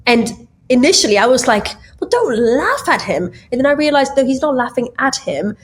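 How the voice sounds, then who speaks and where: A woman's voice: high voice, sing-song, moderate pace. A woman guest on a podcast, chatting casually and lightheartedly, laughing often between many fillers. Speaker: guest, tech founder.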